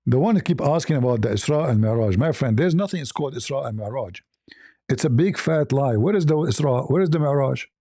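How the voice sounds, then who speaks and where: A man's voice: medium pitch, animated, a little fast, warm tone, no room sound, studio quality. A man giving mocking, combative commentary as a debater. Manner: combative, sarcastic. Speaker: online debater.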